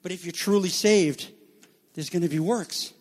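A man with a rather high voice delivers a sermon. He teaches in a calm, explaining tone with some stumbles and restarts, then builds to loud, drawn-out, shouted emphasis. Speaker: pastor.

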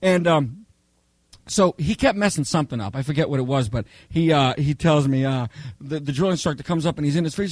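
A man preaching a Bible study, telling humorous personal stories in a chatty, animated way, often checking in with "okay?". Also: fairly high pitch, brisk, dry recording. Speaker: pastor teaching a Bible study.

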